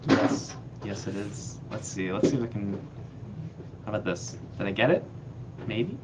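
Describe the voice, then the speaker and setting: A man's voice: lowish voice, animated, moderate pace. A man hosting a live stream off camera, bantering playfully and mocking himself. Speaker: stream host. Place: off-camera, remote. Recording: dull lo-fi audio with clear background noise.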